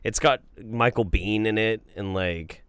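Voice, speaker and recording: A young man hosting a podcast, telling a story in casual chat, loose and profane, doing quick voices for the people he quotes. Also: on the low side, a bit bright, clean tone, dry recording. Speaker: podcast host.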